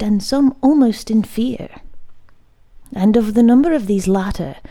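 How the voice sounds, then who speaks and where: A woman who hosts a podcast, reading a bedtime story aloud in a soft, often half-whispered way. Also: medium pitch, creaky. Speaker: podcast host and reader.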